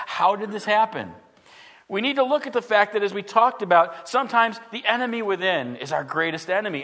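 High-voiced man preaching a sermon. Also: fairly bright tone. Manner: earnest, asks rhetorical questions, acts out biblical quotes. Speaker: pastor.

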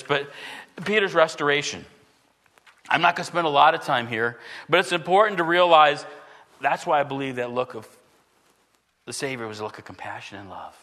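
High-voiced preaching man, in a reverberant hall. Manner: dynamic preaching, swinging from loud emphatic lines to hushed low ones. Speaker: pastor. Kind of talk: sermon.

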